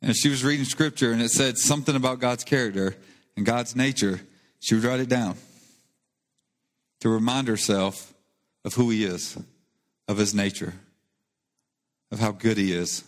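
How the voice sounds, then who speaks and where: With fairly even intonation and frequent pauses, a male pastor of medium pitch delivers his sermon at a moderate pace. He comes across earnest and conversational, rising in emphasis on key points amid a church hall's long reverb.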